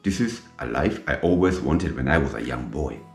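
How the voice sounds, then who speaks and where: A middle-aged man, a native German speaker, telling his own story slowly and emphatically in English, repeating himself and dropping in French military terms. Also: very deep voice, lively intonation, vocal fry. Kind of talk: personal storytelling monologue. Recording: echoey room with faint guitar music.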